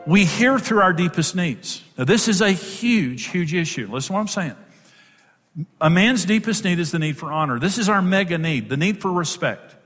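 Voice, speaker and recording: A man teaching about marriage in a large hall, his slightly high voice carried by a long reverb. He speaks emphatically and repeats key words to drive each point home. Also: expressive, moderate pace, a bit bright, faint music behind. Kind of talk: teaching talk to an audience.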